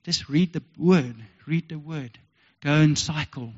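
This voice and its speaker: A man's voice: on the high side, steady tone, normal speed, hardly any pauses, a little mellow. An earnest South African man preaches a heartfelt sermon, circling back to the same phrases. His voice carries a long reverb through a church hall. The recording is dull and lo-fi. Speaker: pastor.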